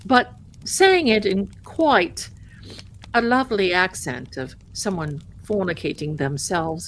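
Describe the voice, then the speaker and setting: A woman's voice: lowish voice, very animated, measured pace, slight background noise. A woman hosting a tarot live stream in casual chat, rambling and greeting viewers as "my darling.".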